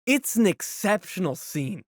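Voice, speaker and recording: Animated man telling gaming stories. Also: sits high, unhurried, no echo, studio quality. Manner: animated storytelling, full of "like". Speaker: podcast co-host. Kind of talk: casual chat.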